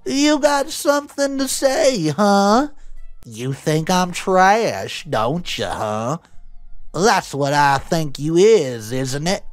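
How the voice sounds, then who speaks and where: A man voicing a volatile older Southern mother with a thick, shrill, high-pitched accent, confrontational and yelling. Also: expressive, slow, no echo, soft background music. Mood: aggressive, shrill.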